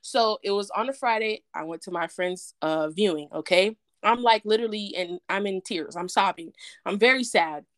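Animated woman telling a story. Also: medium pitch, normal speed, no room sound, clean studio sound. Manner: animated storyteller, quotes others in dialogue. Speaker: podcast co-host. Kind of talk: casual chat, storytelling.

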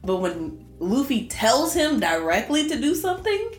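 A woman co-hosting a podcast, chatting casually and retelling scenes in an animated, talkative way. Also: high voice, normal speed. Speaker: podcast co-host. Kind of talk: casual chat. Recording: roomy echo with faint music.

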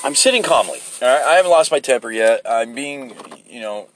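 A man telling a rambling, profane story in a casual, animated way, seated inside a vehicle. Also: mid-range voice, brisk.

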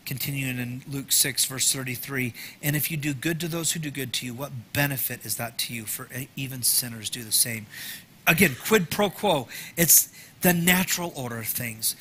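A man preaching a sermon in a conversational style, with joking asides to the congregation and swings from loud emphasis to soft near-whispers. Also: a little high, a little hiss or hum. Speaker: pastor.

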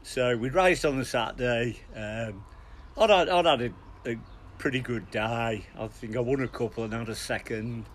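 A middle-aged man, co-hosting a podcast and telling lively, chuckling anecdotes with plenty of restarts. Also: mid-range voice, normal speed, slight background noise. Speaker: podcast co-host. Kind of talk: casual storytelling.

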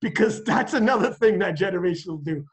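A man with a New Jersey accent hosting a podcast, talking in an animated, profane way and acting out quotes. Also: high voice, fairly quick. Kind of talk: casual chat.

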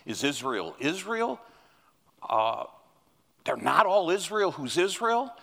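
Animated preacher in a reverberant church. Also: male voice, on the high side, slow pace, vocal fry. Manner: animated, rising to emphatic peaks. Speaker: guest preacher. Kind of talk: sermon. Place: church sanctuary. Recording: long hall reverb.

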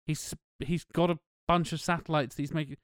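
Guy riffing on a movie plot, smooth clear voice, dry close sound, swears a lot. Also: fairly high pitch, steady tone, brisk, no echo. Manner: sweary, recaps plot with sarcastic asides. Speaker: podcast co-host. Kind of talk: casual film discussion.

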